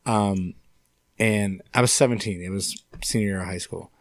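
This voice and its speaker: A young man from upstate New York, a podcast guest telling a story in a casual, animated way and swearing freely. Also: lowish voice, moderate pace, no echo. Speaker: podcast guest, singer-songwriter.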